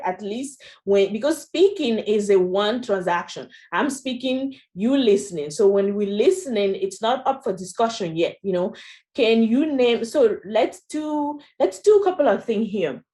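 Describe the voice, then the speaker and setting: Expressive and warm, this woman's fairly high voice moves at a moderate pace. She has a French accent and presents a training session chattily, often adding "you know" and "right?", as a workshop presenter.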